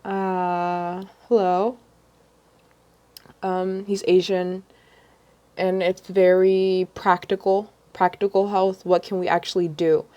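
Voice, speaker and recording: Young woman vlogger, rambling livestream chat, lowish voice, lots of ums. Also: flat delivery, slow pace, mellow, lo-fi sound. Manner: rambling, many ums and restarts.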